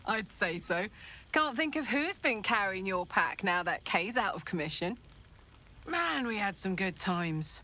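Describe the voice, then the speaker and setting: An actress voicing a boisterous, swearing, affectionate tiefling warrior woman in a video game, loud and blunt, laughing easily. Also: mid-range voice, big pitch swings, measured pace. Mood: fond, excited.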